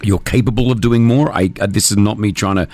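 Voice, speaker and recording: A man's voice: lowish voice, brisk, a little mellow, no echo. Chatty male radio host. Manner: chatty, loose, filler-heavy. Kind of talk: casual call-in chat.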